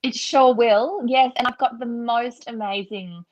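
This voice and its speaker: A woman's voice: fairly high pitch, unhurried, darkish tone, no room sound. Australian woman, author guest, chatty, reflective, muffled dry audio. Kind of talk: interview answers.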